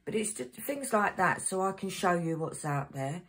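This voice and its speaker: At a normal speed, a woman with a lowish, breathy-edged voice and lively intonation hosts a crafting channel, chatting in a rambling way and reading out codes as she works. The recording is rough, with loud packet crinkling behind.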